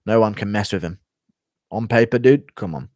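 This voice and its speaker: A man's voice: lowish voice, normal speed, a little mellow, no room sound, studio quality. A man streaming casual commentary in a blunt, sarcastic way.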